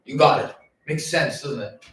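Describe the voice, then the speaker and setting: A man talking in a long, rambling monologue, animated and swearing freely, often slipping into quoted voices. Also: on the high side, normal speed. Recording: very echoey room, mic at a distance, faint noise.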